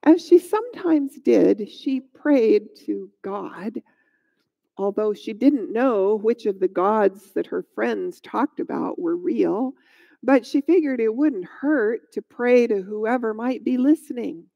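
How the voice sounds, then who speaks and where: A woman narrating a Bible story in a gentle, measured storytelling way, on a dull lo-fi recording. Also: fairly high pitch, animated, creaky.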